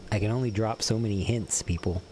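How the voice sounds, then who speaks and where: A man's voice: lowish voice, brisk, mellow, a little hiss or hum. A young man streaming a game, chatting casually and teasing his viewers as he reads their messages aloud. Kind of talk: casual gameplay commentary.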